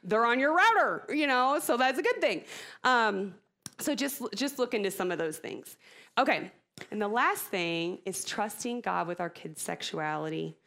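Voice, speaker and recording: Expressive, chatty woman at a parenting talk. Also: mid-range voice, normal speed, creaky. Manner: expressive, chatty, laughs at herself, many fillers. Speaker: speaker at a church parenting talk. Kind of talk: casual church talk to parents.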